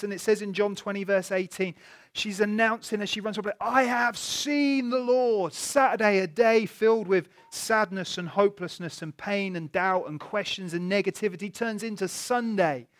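Male preacher, fairly high pitch, conversational and animated, talks straight to the congregation. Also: normal speed. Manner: animated, conversational storytelling with rhetorical questions. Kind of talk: sermon.

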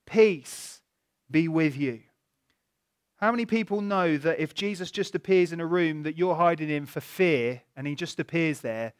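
A man preaching a sermon, telling stories in a chatty, animated way and asking the listeners rhetorical questions. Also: fairly high pitch.

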